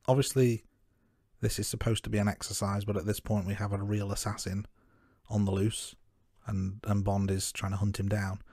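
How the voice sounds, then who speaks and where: A man co-hosting a film review podcast, talking through his notes in a measured, casual way. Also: lowish voice, warm tone, no echo, studio quality. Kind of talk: casual chat.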